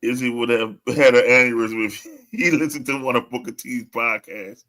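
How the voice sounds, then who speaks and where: A man's voice: medium pitch, normal speed. A man co-hosting a wrestling podcast, chatting casually and laughing often. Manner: laughs often, animated storytelling. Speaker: podcast co-host.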